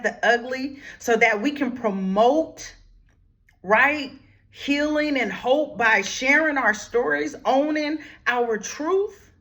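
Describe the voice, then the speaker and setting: Emphatic woman therapist talking about grief. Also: a little high. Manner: emphatic, preacherly, talks straight to listeners with "y'all"; swings from hushed whispers to raised, forceful lines. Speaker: grief therapist and channel host. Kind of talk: motivational talk on grief.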